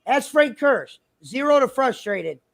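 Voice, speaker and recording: A man's voice: extremely high pitch, big pitch swings, measured pace, vocal fry, a bit bright. A man chatting on a livestream in a rambling, argumentative, profane way. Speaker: stream guest. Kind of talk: casual livestream chat.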